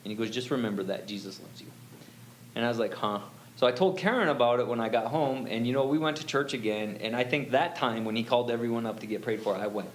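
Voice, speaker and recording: A man telling his own story in a relaxed, rambling way, full of fillers and quoted lines. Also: medium pitch, fast talker, few pauses, slight background noise, poor audio. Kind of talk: casual storytelling.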